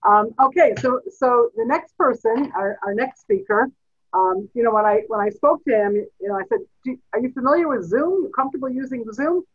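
A woman hosting an online class over a video call, introducing speakers with halting, repeated words. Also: fairly high pitch, husky. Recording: tinny phone-like video call audio.

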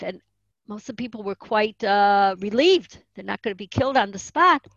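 A woman's voice: mid-range voice, expressive, normal speed, a bit bright, no room sound. A woman giving an earnest religious lesson, explaining Hebrew terms and telling stories. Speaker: teacher of Jewish tradition. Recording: dull, muffled dry recording.

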